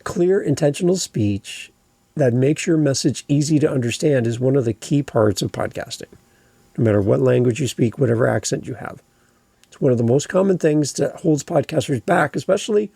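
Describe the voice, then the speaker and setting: A man hosting a podcast, giving earnest, encouraging coaching on clear speech and stressing the ends of words. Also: medium pitch, dark tone, no room sound. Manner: earnest, encouraging, emphatic on word endings. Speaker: podcast host.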